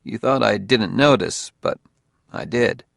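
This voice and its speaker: A man voicing a calm, earnest policeman quietly pressing his lover with questions in an audiobook. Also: on the low side, a little slow, vocal fry, dry recording, studio quality, heavily acted. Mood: probing. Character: earnest, probing male police officer.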